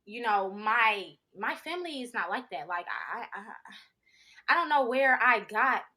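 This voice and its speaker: A woman speaks candidly on a casual podcast in a bright voice. Her talk is halting, full of fillers and restarts. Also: on the high side, animated. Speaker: podcast co-host. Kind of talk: casual chat.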